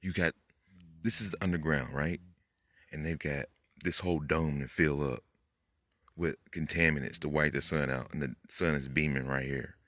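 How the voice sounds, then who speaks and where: A man giving a rambling, profane late-night monologue, talking fast, tripping over his words and jumping up in pitch when he gets worked up. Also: fairly even intonation, a bit bright, dry recording, clean studio sound. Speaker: conspiracy video host.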